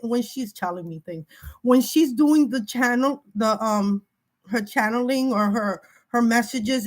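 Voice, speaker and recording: Woman, higher voice, emotional vlog monologue, halting and repetitive, urgent warnings. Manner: halting, repeats words, breaks off emotionally. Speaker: spiritual video creator. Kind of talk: emotional direct-to-camera monologue.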